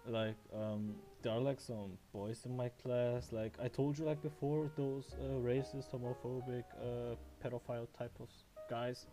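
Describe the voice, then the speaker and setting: A man's voice: mid-range voice, steady tone. Guy on a call rambling, lots of likes and ums, faint music behind. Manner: halting, full of "like" and "um" fillers. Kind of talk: casual chat over a call. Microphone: online call.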